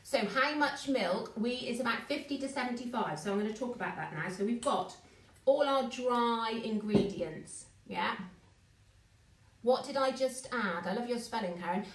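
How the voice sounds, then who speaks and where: A woman's voice: a little high, normal speed. Chatty woman teaching a bake-along. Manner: chatty, greets viewers by name. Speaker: baking teacher. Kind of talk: live online bake-along class. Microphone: phone. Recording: echoey room, distant mic.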